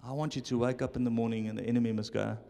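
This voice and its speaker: A male pastor preaching a sermon, swinging between loud urging and hushed, low asides. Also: level tone, very fast, gravelly. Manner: switches between English and Afrikaans, dramatic shifts from shouting to hushed. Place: church hall. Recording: live church hall with long reverb.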